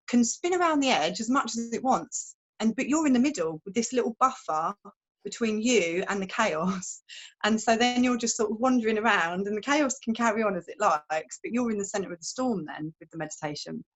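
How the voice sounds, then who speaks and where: A woman's voice: medium pitch, fairly bright tone, rough recording. A woman guest on a podcast, talking frankly and chattily about meditation, with some swearing and playful images. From fishing village. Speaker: meditation teacher and wellbeing guest. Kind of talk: casual podcast chat.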